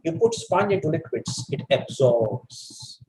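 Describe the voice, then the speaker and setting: A man from India lectures in a discursive, conversational way at a mid pitch. He keeps addressing his audience warmly as friends. His voice rings in an echoey room. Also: lively intonation, takes it slowly, background noise. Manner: discursive, with frequent "you know" and "my dear friends". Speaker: webinar speaker on English communication. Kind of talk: lecture presentation. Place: online webinar.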